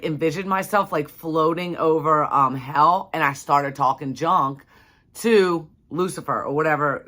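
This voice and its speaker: A woman's voice: low voice, a bit bright. A young adult woman telling a personal story to her viewers in a casual, chatty way, full of "like" and "you know". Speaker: vlogger.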